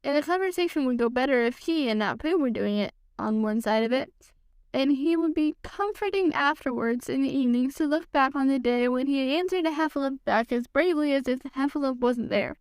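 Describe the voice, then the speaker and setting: A woman reading a children's storybook aloud in an expressive, lively way. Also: sits high, no room sound. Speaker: podcast host reading aloud. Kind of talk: storybook read-aloud narration.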